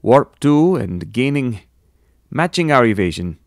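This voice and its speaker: A man voicing a brisk young starship navigator with an exaggerated put-on Russian accent. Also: medium pitch, big pitch swings, no echo, clean studio sound. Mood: urgent. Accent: mock Russian. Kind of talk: audiobook character voice.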